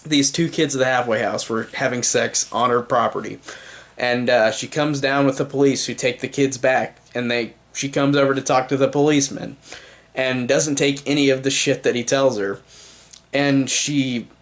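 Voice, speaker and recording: A man's voice: mid-range voice, fairly even intonation, moderate pace, fairly bright tone. A young man giving a casual, enthusiastic movie review, rambling with lots of fillers.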